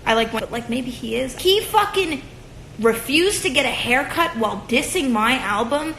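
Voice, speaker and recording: Young woman, profane sarcastic rant, high-ish voice with vocal fry, phone livestream from home. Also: lively intonation, moderate pace, a bit bright, a little hiss or hum. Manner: profane, sarcastic ranting with sung asides. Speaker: livestream host. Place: room at home. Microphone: phone at arm's length. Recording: echoey room on a phone stream.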